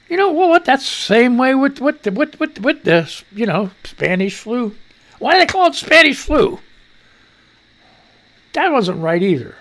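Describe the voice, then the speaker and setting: Crude radio guy reading news and riffing, gravelly voice, swings his pitch all over. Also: fairly bright tone. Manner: crude, mocking, rambling asides. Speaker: radio show host. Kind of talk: casual news commentary.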